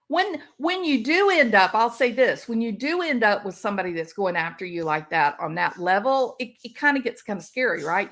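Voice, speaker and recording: A woman's voice: medium pitch, a bit bright. A woman YouTube commentator talking in a casual, sarcastic way and laughing often.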